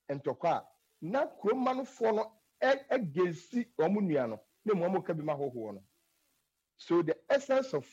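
A man's voice: fairly high pitch, darkish tone, slightly rough. A man from Ghana with a Ghanaian accent, explaining culture in an earnest, emphatic way that slips often into English. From Ghana, Asante. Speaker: guest speaking on Asante culture. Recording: dull lo-fi sound.

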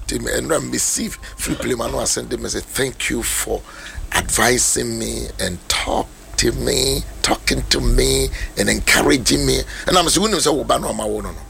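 A man preaching a sermon as a pastor, animated and rising to shouts. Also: mid-range voice, moderate pace, gravelly, a little hiss or hum.

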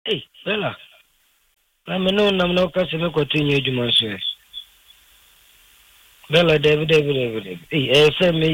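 Animated male caller, bright voice. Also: mid-range voice, no room sound, low-quality recording. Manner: animated, keeps addressing the host by name. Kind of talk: call-in radio chat.

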